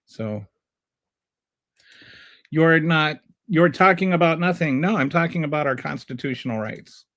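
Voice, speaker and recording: A man's voice: fairly high pitch, expressive, measured pace, fairly bright tone. A man hosting a livestream who gives political commentary and answers live chat in a sarcastic, combative way, often rambling and restarting. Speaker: livestream show host.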